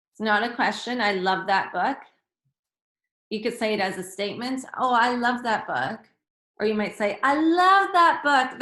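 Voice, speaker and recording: A woman teaches a lesson for young children in a patient, encouraging way. Her voice sits at an ordinary middle pitch. The room around her is roomy and echoey. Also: fairly bright tone.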